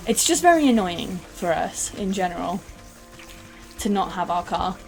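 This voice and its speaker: A woman's voice: on the low side, lively intonation, moderate pace, vocal fry, darkish tone, faint music behind. A young British woman streaming a game, rambling and chatting casually with some swearing. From United Kingdom. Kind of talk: casual gaming stream chat.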